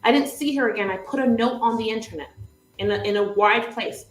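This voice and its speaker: A woman's voice: on the high side, brisk, echoey room, slight background noise, poor audio. A woman coach hosting a livestream, telling a story vividly and laughing often. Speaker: business coach, show host.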